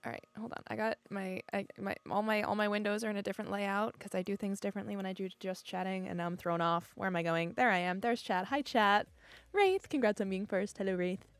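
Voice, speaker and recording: A woman's voice: medium pitch, steady tone, a little fast, smooth, no echo, faint music behind. A young adult woman streaming from home, chatting casually with her viewers in a giggly, easily emotional way. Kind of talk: casual chat with live viewers. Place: home room.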